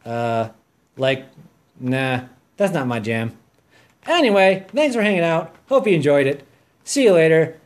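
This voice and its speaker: With long pauses and an unhurried, sing-song voice pitched a little high, a man hosts a solo podcast. The casual chat comes across as hyper, goofy and rambling.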